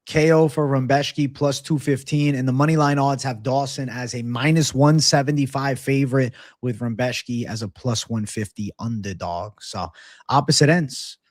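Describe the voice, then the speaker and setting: A man co-hosts a fight betting show, talking through each matchup in a loose, profane way. He reads out odds plainly between his picks. His voice sits at an ordinary middle pitch and the sound is dry and close. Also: moderate pace, no room sound. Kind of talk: casual podcast chat, fight predictions.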